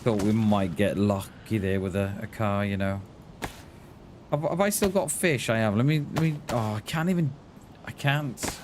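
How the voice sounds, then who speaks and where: A man's voice: on the low side, moderate pace, noisy background. A man from Wales with a light Welsh accent, chatting casually and friendly with his viewers while he streams a game. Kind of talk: casual live-stream chat while playing.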